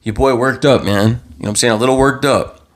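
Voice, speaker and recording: A young man hosting his own live show, giving impassioned commentary in a heated, worked-up voice, repeating himself and stumbling over restarts as he gets louder. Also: medium pitch, fairly even intonation, fast talker. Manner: heated, repetitive, stammering restarts, rising to near-yelling. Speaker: vlog host.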